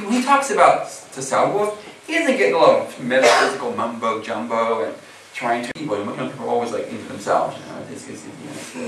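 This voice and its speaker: A man's voice: mid-range voice, a bit bright, a little hiss or hum. An American man giving a casual, chatty sermon as a Muslim preacher, full of filler phrases. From USA. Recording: echoey hall recording from far off.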